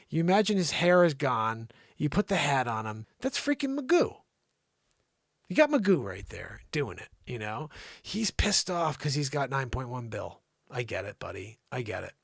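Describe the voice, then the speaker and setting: Animated, high-voiced male comedy host. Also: no room sound, studio quality. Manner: animated, sarcastic, jumps between loud outbursts and mutters. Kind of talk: improvised comedic news riff. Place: home studio.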